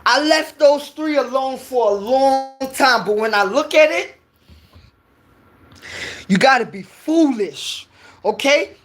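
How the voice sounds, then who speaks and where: A woman's voice: high voice, fairly bright tone. A woman from New York with a New York accent, giving a heated, preachy opinion rant and repeating her points.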